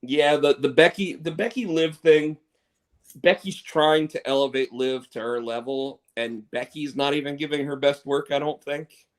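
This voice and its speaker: A man's voice: fairly high pitch, normal speed. A man co-hosting a casual wrestling chat show, rambling and opinionated with many restarts. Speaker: co-host.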